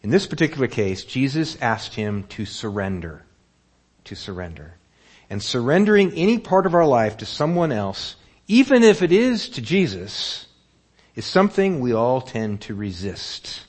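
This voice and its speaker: Man preaching, lively rising and falling. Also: mid-range voice, moderate pace, breathy edge. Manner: animated storytelling, rhetorical questions. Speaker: pastor. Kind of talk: sermon.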